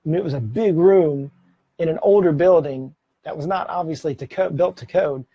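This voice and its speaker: A middle-aged man talks to the camera about presentations, offering practical tips casually and frequently self-correcting mid-sentence with the odd laugh. His voice is fairly high with a breathy edge and normal speed, recorded dry through a camera mic that cuts off the highs.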